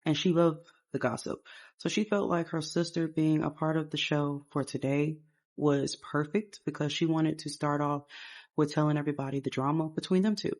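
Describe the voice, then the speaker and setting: A woman's voice: low-pitched, steady tone, normal speed, darkish tone. A woman narrating a life-sim game in a casual, rambling storytelling way.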